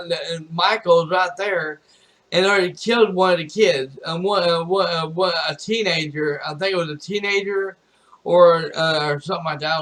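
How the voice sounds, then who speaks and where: A man with a fairly high-pitched speaking voice recaps a movie scene by scene for his stream. He talks in loose, looping sentences, repeating himself and tossing in "you know" as he goes. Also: a bit bright. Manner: rambling retelling full of repeats and "you know". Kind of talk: casual spoken movie recap.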